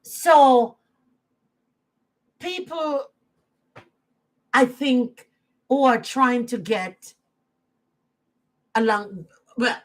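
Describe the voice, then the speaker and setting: Slow-talking woman host sharing opinions. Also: fairly high pitch, expressive, low-quality recording. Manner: earnest, opinionated storytelling. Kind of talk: casual live chat.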